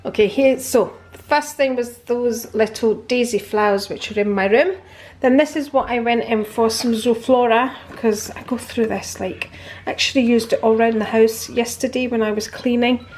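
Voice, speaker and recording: A woman's voice: on the high side, steady tone, normal speed, darkish tone, slight background noise, poor audio. A woman in casual vlog narration at home, chatting as she shows her purchases one by one. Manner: chatty, showing off purchases item by item. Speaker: vlogger.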